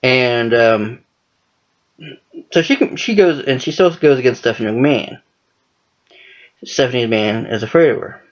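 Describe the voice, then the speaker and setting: A man's voice: medium pitch, normal speed, long pauses. A man talking casually and profanely about wrestling storylines, rambling with lots of cursing. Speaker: wrestling fan commentator. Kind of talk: casual monologue. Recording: dull lo-fi recording.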